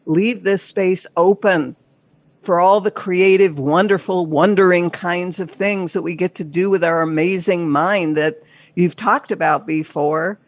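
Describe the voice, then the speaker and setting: Speaking at a measured pace with a steady tone, this older woman has a voice on the low side and no echo around it. As a therapist and coach interviewed on a podcast, she is earnest and emphatic, sometimes acting out inner voices in quotes.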